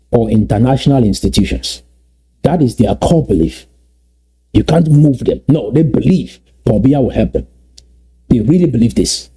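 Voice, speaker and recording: A man from Southern Cameroons, giving an emphatic motivational address that repeats and slowly stresses key phrases. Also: medium pitch, warm tone, husky. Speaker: activist speaker.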